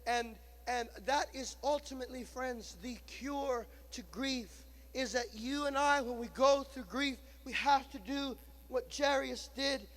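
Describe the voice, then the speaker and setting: High-voiced slow-preaching man. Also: poor audio. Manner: repetitive preaching cadence, swinging between hushed and loud. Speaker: pastor. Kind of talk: sermon.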